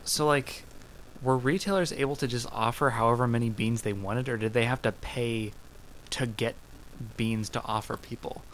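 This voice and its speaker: A man's voice: medium pitch, moderate pace, fairly bright tone, slight background noise, poor audio. A man co-hosting a podcast in casual chat, asking questions and summing up what he just heard. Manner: asks questions and sums up what he hears. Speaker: podcast co-host.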